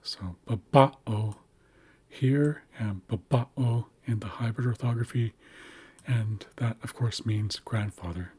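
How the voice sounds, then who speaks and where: A man narrating a screen-share lesson, carefully explaining writing systems and slowly sounding out example words. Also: lowish voice, warm tone, breathy edge. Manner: careful, slow spelling-out of words. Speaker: language teacher.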